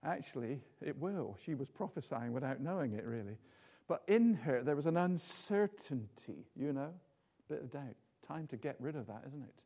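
A man's voice: mid-range voice, expressive, normal speed, gravelly, hardly any pauses, dark tone. A man preaching an informal sermon in a chatty, jokey way, full of tag questions.

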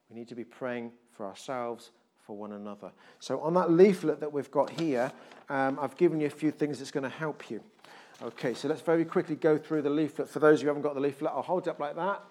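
A man preaching a sermon and giving church announcements in a conversational, jokey way. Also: a little high. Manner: conversational, jokey asides, animated shifts in volume. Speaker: pastor. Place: church hall.

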